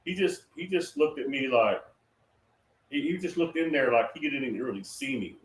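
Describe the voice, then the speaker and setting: As a guest, a man casually tells the story of a prophetic dream in a rambling, conversational way, full of fillers and restarts. His mid-range voice has lively intonation at a normal speed, picked up by a distant mic in a roomy space with faint noise.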